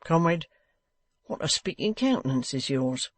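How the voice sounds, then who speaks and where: A man's voice: on the high side, sing-song, a little slow, no room sound. A man voicing a scheming, grandiloquent ballad-seller in an audiobook, theatrical and oily in his affability. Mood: pompous. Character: scheming, wheedling one-legged male ballad-seller. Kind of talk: audiobook character voice.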